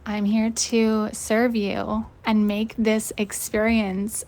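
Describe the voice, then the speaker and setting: A woman's voice: mid-range voice, little pitch movement, slow pace, darkish tone, close to an everyday voice. A woman voicing a bubbly, eager young waitress who is over-friendly and chirpy.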